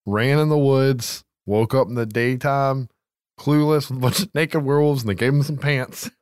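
A man hosting a podcast, chatting casually about films, animated, swearing freely and laughing often. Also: mid-range voice, moderate pace, smooth, no echo, clean studio sound. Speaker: podcast host. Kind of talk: casual movie chat.

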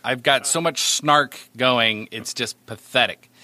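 A man from New Hampshire, a podcast co-host, telling a story in a casual, animated and self-mocking way. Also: medium pitch, unhurried.

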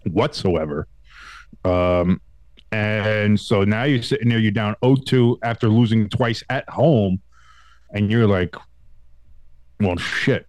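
A man co-hosting a casual sports podcast, talking in a rambling, animated way with restarts and swearing, still getting over a cold. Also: mid-range voice, no room sound. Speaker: podcast co-host.

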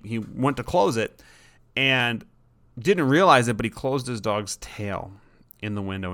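A man's voice: mid-range voice, fairly bright tone, smooth. A man hosting a podcast, talking casually and rambling, often repeating words and voicing his dog in short asides. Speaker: podcast host.

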